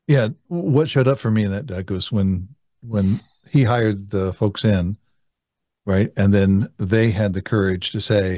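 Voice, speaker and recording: A male interview guest speaking in a reflective way, slowing down to stress key points. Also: fairly low pitch, dark tone, no room sound, studio quality. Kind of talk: conversational interview.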